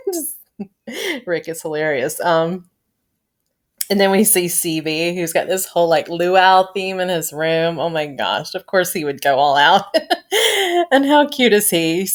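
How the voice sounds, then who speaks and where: A chatty woman with a low-pitched voice talks through a TV episode review in a casual vlog. She giggles often and pads her talk with fillers. Her tone is loose and unscripted.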